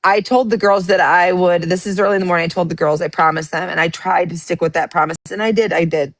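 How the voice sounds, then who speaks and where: A woman's voice: fairly low pitch, steady tone, fast talker, dry recording. A woman hosting a casual livestream, reading out text messages and telling her side of a dispute in a blunt, profane way. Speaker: livestream host.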